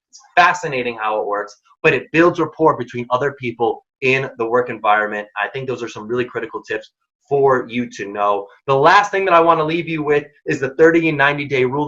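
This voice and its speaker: A man leads a career workshop with a bright, forceful voice pitched a little high. He talks casually and with energy, pressing his points hard. The recording sounds dull and lo-fi. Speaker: workshop presenter. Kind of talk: career advice talk.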